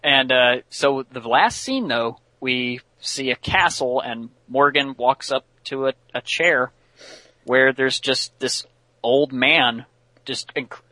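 A man's voice: medium pitch, sharp tone, dry recording. A man casually retelling a cartoon episode as podcast host, chatty with many fillers. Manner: chatty, many fillers, laughs while telling.

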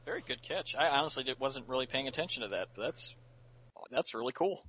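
A man's voice: medium pitch, lively intonation, fast, a bit bright, breathy edge, poor audio. A man co-hosting a casual review chat, giving short, agreeable responses.

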